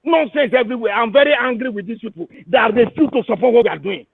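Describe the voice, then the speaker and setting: A man with a Nigerian English accent, calling in and ranting in fury, shouting and hurling repeated insults. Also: very high-pitched, quick pace, vocal fry, husky, no echo. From Igbo region of Nigeria. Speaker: caller. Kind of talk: angry call-in rant. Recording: tinny phone line.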